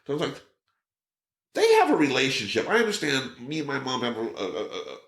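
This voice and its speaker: A man's voice: medium pitch, wildly swooping pitch, fairly quick, fairly bright tone. A man telling stories as a podcast guest. He acts out other people's lines and swears casually. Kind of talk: casual storytelling. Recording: roomy echo.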